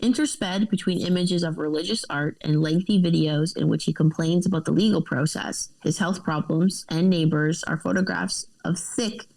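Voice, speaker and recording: A woman with a low, gravelly voice co-hosts a casual podcast. She reads news articles aloud and breaks in with her own offhand remarks. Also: fairly even intonation, normal speed, few pauses, darkish tone, rough recording.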